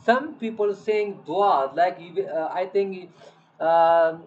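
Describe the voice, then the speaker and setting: A teacher walks a young learner through letter sounds, repeating each one again and again. The delivery is very slow and patient, full of gentle check-ins. The recording sounds dull and lo-fi. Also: medium pitch, a little hiss or hum. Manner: patient, repeats letters many times, says "okay, beta". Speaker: Quran reading teacher. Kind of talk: slow letter-by-letter lesson to a child. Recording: dull lo-fi audio.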